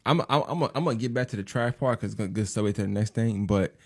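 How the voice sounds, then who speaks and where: A man's voice: lowish voice, no room sound. A man from New York co-hosting a casual podcast. He talks in a playful way and often repeats words as he starts a thought. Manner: fast, playful, stammering repeats. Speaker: podcast co-host. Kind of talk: casual chat.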